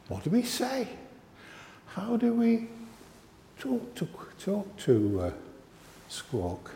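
Slow, lively lay minister in an echoey church. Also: male voice, sits high, vocal fry, slight background noise. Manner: gentle, coaxing, questions to children. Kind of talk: family service talk with a puppet.

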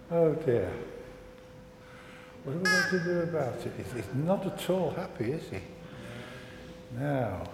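A man's voice: mid-range voice, gravelly. A man leading a children's talk with puppets in church, playful and coaxing, asking the congregation lots of questions. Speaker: minister. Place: large echoey church. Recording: echoey church with long reverb, faint hiss.

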